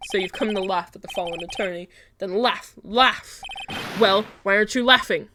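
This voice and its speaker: A woman voicing a stern, proud young male prosecutor in a video game, curt and disdainful, lower and quieter than her own voice. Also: normal speed, background noise, close to an everyday voice. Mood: scornful.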